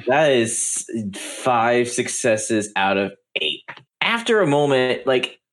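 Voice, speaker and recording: A man narrating a tabletop game as game master, halting often with fillers and restarts over a voice call. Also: medium pitch, very animated.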